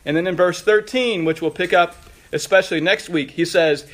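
A pastor with a voice on the high side speaks a little fast as he preaches a sermon. Teaching through a text, he rises emphatically on the scripture verses he quotes.

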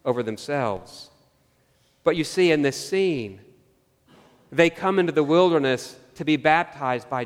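A man preaching a sermon, earnest and searching, asking his listeners questions and slowing down on key phrases. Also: a little high, long reverb tail. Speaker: pastor.

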